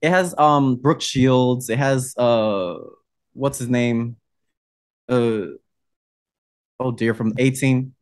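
A man's voice: mid-range voice, slow pace, long pauses, clean tone. Gushing, campy podcast man. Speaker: podcast co-host. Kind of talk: casual podcast chat.

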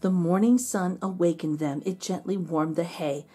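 A woman, a kindergarten teacher, reading a story aloud in an expressive, sing-song storytime manner. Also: on the low side, moderate pace, breathy edge.

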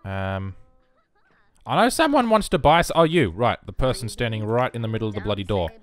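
An excitable man, rambling through casual gameplay commentary and bursting into shouts. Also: lowish voice, brisk, no room sound, studio quality. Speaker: game streamer.

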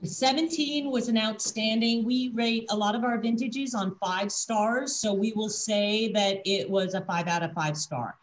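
A woman's voice: a little high, measured pace, hardly any pauses, a little hiss or hum, rough recording. Winery rep, woman, video-call wine tasting, enthusiastic and explanatory. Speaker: winery representative.

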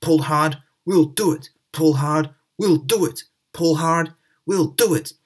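A man doing a weary, stiff storybook steam engine in a raised, husky voice, plaintive but eager. The pitch leaps about in a lively way. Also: a little slow, heavily acted. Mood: determined.

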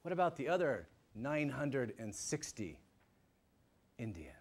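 A man giving a public lecture to a live audience, animated and emphatic, swinging from loud points to hushed asides. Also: medium pitch, measured pace. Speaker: guest lecturer.

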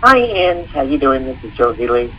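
A man calling into a show, explaining his question hesitantly with many pauses and ums. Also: medium pitch, very animated, slight background noise. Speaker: caller. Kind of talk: asking a question on a call-in show. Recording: dull phone line.

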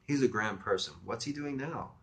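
A man's voice: medium pitch, moderate pace, pushed and bright, voice pushed up. A man reading a book aloud, voicing a brusque woman woken late at night who snaps at first and then turns coy. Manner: raised, prickly, then coy. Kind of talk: audiobook reading.

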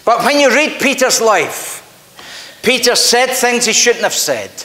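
A man's voice: extremely high pitch, sing-song, unhurried, pushed and bright. A man with a Scottish accent, a pastor preaching a sermon in an earnest, emphatic storytelling manner in a church. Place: church sanctuary. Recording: echoey church hall with long reverb.

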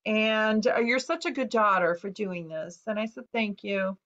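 An American woman author, a guest in an interview, earnestly tells a personal story, quoting what people said to her with many fillers. Her voice is medium-pitched and a bit bright, her pace a little slow, and the recording dull and lo-fi.

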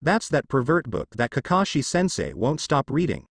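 Man doing brash teenage ninja boy, shouting, defiant, lively, dry sound. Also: medium pitch, moderate pace, breathy edge, no room sound. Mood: surprised. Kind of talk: fan fiction reading.

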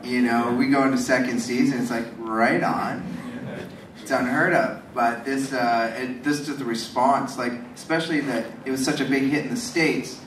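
A man moderating a fan Q&A panel as a voice actor, upbeat and brisk, hurrying things along. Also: medium pitch, fairly even intonation, fairly bright tone, slight background noise. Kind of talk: hosting a fan Q&A. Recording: echoey hall from far off, crowd behind.

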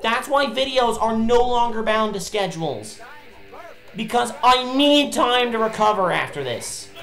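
Woman gamer, higher voice, ranting and cursing through play, game music loud behind. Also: very animated, a little slow, echoey room. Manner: exasperated ranting, frequent swearing. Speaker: let's play host. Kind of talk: gameplay commentary.

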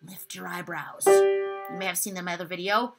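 A woman's voice: fairly low pitch, fairly even intonation, fairly quick, vocal fry, over loud music. A woman voice teacher giving an upbeat online singing lesson, encouraging students and demonstrating the exercises herself.

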